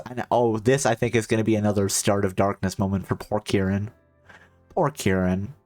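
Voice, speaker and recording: A man's voice: on the low side, fairly even intonation, brisk, a little mellow, soft background music. A man streaming a video game, chatting casually and rambling into joking asides to his chat. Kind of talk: casual let's-play chat.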